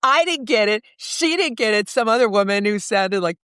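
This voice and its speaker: Animated New York woman telling stories. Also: medium pitch, normal speed, clean tone, no room sound, clean studio sound. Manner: lively storyteller, acts out voices. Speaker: guest. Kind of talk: storytelling interview.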